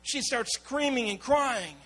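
A pastor preaches with a very high, bright voice, telling stories and acting out the people in them. He speaks expressively and slowly. The recording is low quality, with a faint electrical hum underneath.

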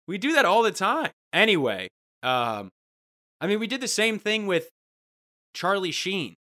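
A man's voice: high voice, big pitch swings, measured pace, long pauses, pushed and bright. A man from Ohio co-hosting a comedy podcast, ranting in a profane, sarcastic way. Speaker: podcast co-host. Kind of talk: casual comedic chat.

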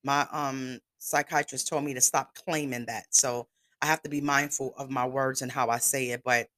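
A woman's voice: very deep voice, fairly even intonation, normal speed, fairly bright tone. A woman around fifty talking candidly and emotionally in a rambling personal podcast monologue, with some swearing. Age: 50s. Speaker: podcast host.

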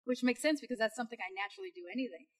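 Podcast co-host, woman, 30s, Long Beach accent, animated casual storyteller. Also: on the high side, racing. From Long Beach, California. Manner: animated storyteller, many "like" fillers. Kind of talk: casual chat.

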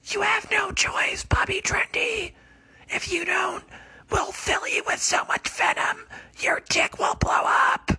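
A man voicing a menacing male snake leader in a high, whispered hiss. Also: steady tone, slow, sharp tone, raised voice, full character voice. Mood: threatening.

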